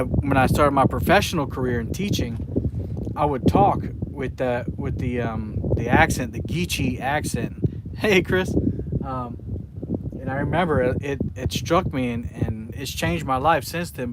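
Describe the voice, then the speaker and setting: A man's voice: medium pitch, unhurried, very noisy. A man from South Carolina chatting casually with his viewers while out fishing, rambling from one thought to the next. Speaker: fishing live streamer. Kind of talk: casual live stream chat while fishing. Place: outdoors by the water, fishing.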